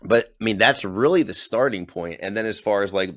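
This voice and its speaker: A man's voice: fairly low pitch, fairly quick, a bit bright. A man in his forties, a business owner telling his story in a casual interview, acting out the voices of people he quotes and laughing often.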